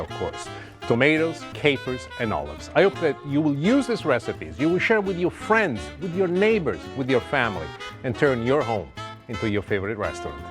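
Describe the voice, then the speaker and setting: A middle-aged man hosting a cooking show, talking the viewer through a dish in a theatrical, self-amused way and drawing out his words. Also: medium pitch. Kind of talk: cooking demonstration to camera.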